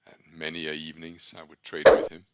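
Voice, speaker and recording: A man's voice: a bass voice, completely flat delivery, a little fast, very noisy. A man trading on his own channel, talking casually through charts in a rambling, blunt way and correcting himself as he goes. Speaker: trader keeping a trading journal. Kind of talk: casual talk while screen-sharing charts.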